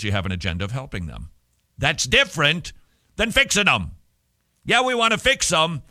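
A man giving an earnest, emphatic teaching talk to parents on Christian counseling, his voice jumping up in pitch when he stresses a point. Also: no room sound, studio quality. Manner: earnest, emphatic, animated with sudden rises in pitch.

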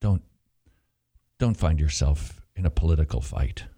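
A man doing a soft hushing soothing voice. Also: rumbling low, a little slow, breathy edge, no room sound, pitched below the performer's own voice, full character voice. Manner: soft, hushed, calming. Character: hushing soothing voice urging pastors silent.

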